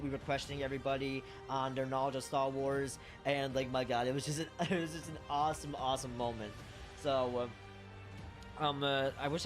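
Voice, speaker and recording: A man talking casually about a show he loves, rambling with many fillers and the odd curse, emotional and earnest. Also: mid-range voice. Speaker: fan sharing memories. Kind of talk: casual monologue vlog.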